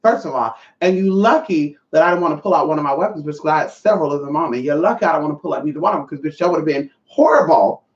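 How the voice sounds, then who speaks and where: A woman's voice: sits low, racing, few pauses, a little mellow. Sassy trans woman vlogging, swears a lot, talks to the viewers directly; echoey room, set back from the mic, muffled sound. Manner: sassy, profane, calls the viewers honey and y'all. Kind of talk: casual storytelling to viewers. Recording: echoey, distant, dull sound.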